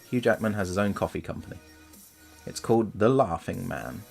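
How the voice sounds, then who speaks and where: A man's voice: deep voice, brisk, vocal fry, darkish tone, breathy edge, faint music behind. A man, chatting casually and jokingly while streaming himself painting miniatures. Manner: chatty, jokey, rambling. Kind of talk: casual chat.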